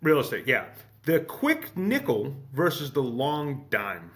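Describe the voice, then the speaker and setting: A man from the United States chatting on a podcast in an animated, self-deprecating way, with many halting restarts. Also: medium pitch. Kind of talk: casual podcast conversation.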